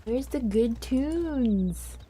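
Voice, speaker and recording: Playful streamer lady chatting to the game, high voice, easygoing slow pace. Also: lively intonation, mellow, slight background noise. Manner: playful, giggly, talks to the game. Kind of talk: casual game commentary.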